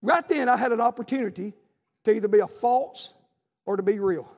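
A man's voice: high-pitched, brisk, gravelly. A man preaching a revival sermon, fervent and repetitive, with folksy asides. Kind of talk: revival sermon with personal testimony. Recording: long reverb of a large hall.

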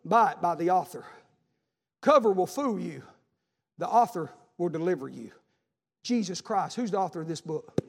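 A man's voice: high-pitched, expressive, normal speed, creaky, pauses often. A man preaching a revival sermon, fervent and repetitive, with folksy asides. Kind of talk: revival sermon with personal testimony. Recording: long reverb of a large hall.

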